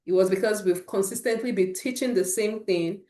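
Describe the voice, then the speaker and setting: A woman at an ordinary mid pitch gives an informal talk to parents, earnest and encouraging as she shares stories from her own home. Her voice rings a little in a roomy, echoey space. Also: normal speed, mellow. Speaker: host of a parent support session.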